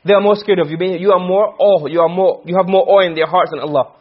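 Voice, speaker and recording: Fast-talking, husky male teacher. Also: sits high, steady tone, phone-quality sound. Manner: quick, questioning students often, mixing Arabic terms. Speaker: teacher of Arabic rhetoric. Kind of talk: classroom lecture.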